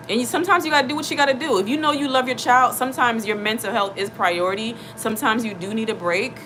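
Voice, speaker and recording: A woman's voice: mid-range voice, pushed and bright, a little hiss or hum, low-quality recording. A woman hosting her channel, talking in an earnest, repetitive, conversational way with many fillers. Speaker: channel host. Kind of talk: casual livestream chat.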